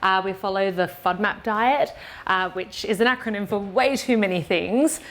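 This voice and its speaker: A woman's voice: mid-range voice, moderate pace, a bit bright. A woman co-hosting a casual cooking chat in her home kitchen, explaining each step plainly with fillers and the odd giggle. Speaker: cooking show co-host.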